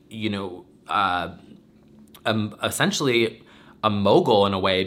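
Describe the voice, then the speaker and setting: A man's voice: lowish voice, bright, forceful tone. A young man vlogging to camera, rambling and teary, swearing, with many restarts. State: teary, emotional. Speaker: podcaster and vlogger. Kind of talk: emotional casual talk to camera.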